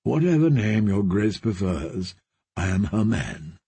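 A man voicing a soft-spoken, courtly knight. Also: on the low side, sing-song, a little slow, breathy edge, dry recording, voice pushed down, full character voice. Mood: gentle. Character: easygoing, courtly young knight.

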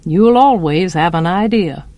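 Lady doing a gentle wise lawyer dad, dry humor, close dry sound. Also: lowish voice, expressive, a little slow, no echo, voice pushed down. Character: calm wise middle-aged father, a lawyer.

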